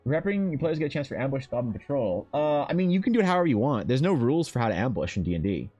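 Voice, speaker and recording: A man's voice: mid-range voice, very animated, racing, darkish tone, muffled recording, faint music behind. A young Canadian man chatting casually on a live stream, joking and swearing as he reads out and answers chat questions. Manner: profane, joking, reading chat aloud. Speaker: streamer and artist.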